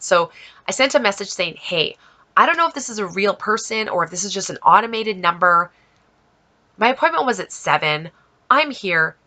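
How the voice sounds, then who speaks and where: A woman vlogger telling a story in a lively way, acting out both sides of a conversation with an exasperated edge. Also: medium pitch. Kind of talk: storytelling vlog.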